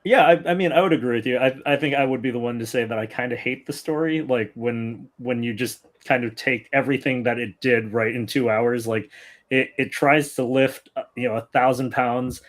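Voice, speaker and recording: A man co-hosting a casual film-review podcast, chatty and animated, acting out his reactions in quoted asides. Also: mid-range voice, a little fast. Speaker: podcast co-host.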